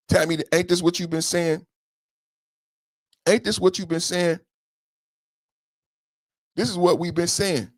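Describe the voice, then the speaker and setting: Man, young adult, podcast host, slightly high voice, ranting, profane, repetitive, dry close sound. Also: little pitch movement, unhurried, pauses often, dry recording. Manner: ranting, repeats lines for emphasis; profane and slangy. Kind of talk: heated political commentary.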